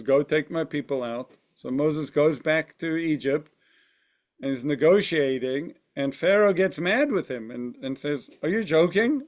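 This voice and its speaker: A man's voice: fairly high pitch, darkish tone. A man teaching a text study class, thinking aloud and often checking in with his listeners. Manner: thoughtful, often asks "right?".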